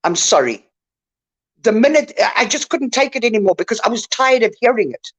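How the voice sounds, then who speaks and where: A woman's voice: a little high, big pitch swings, a little fast. An older woman on an online call, ranting indignantly and lecturing someone in a live chat. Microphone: online call mic.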